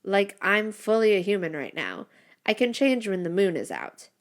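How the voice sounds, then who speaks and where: A woman's voice: medium pitch, sing-song, moderate pace, close to an everyday voice. Friendly young male werewolf, easygoing and cheerful; a woman voices him.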